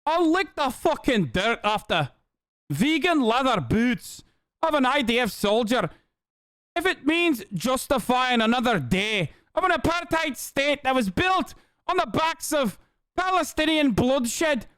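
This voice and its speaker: A man putting on a high, sing-song mocking impression of a fervent nationalist woman, drawing words out. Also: animated, fairly bright tone, dry recording, clean studio sound, full character voice. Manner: drawn-out, mock-earnest delivery.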